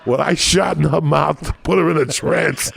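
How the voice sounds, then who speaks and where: Comedian, male, low gravelly rasp, rambling filthy anecdotes, cracks himself up. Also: normal speed, a bit bright. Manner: profane, rambling, laughs at his own stories. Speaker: stand-up comedian. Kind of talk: crude podcast storytelling.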